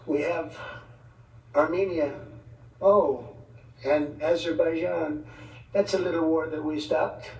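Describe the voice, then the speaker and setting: Rambling gravelly man, echoey hall. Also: on the high side, steady tone, slow, long pauses. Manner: rambling, ad-libbed, joking asides. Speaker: politician addressing foreign leaders. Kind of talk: off-the-cuff speech. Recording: echoey, distant mic, faint background noise.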